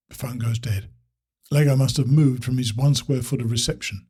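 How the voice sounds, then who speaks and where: A man narrating a first-person story in a steady, reflective way. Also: mid-range voice, moderate pace, breathy edge.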